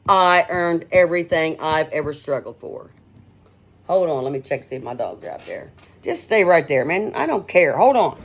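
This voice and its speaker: A woman's voice: on the low side, lively intonation, moderate pace. A middle-aged woman, hosting a casual, unscripted monologue in a blunt, outspoken, rambling way, calling listeners honey and man, talking into her own device's mic without a headset. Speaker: host.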